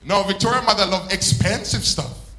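A male pastor preaching a sermon, swelling up and then slowing down hard for emphasis. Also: high voice, lively intonation, pushed and bright. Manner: preaching with sudden swells and slow drawn-out emphasis. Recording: echoey church room.

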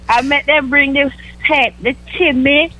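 Woman as chatty Jamaican caller, middle-aged, high voice, comic radio sketch. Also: steady tone, unhurried, bright, forceful tone. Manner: chatty patois, agreeing exclamations.

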